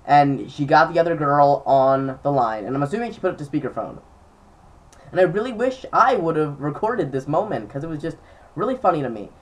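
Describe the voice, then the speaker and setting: A man's voice: on the high side, very animated, brisk, distant mic. A young man in casual chat to camera, telling stories with lots of fillers. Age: young adult. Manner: chatty storytelling with many fillers. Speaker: vlogger.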